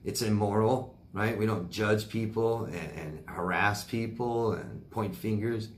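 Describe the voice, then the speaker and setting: A man's voice: lowish voice, measured pace, slight background noise. Man in a roomy-sounding coaching talk. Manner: rambling, repeats words, many fillers. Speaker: life coach. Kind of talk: casual Q&A monologue.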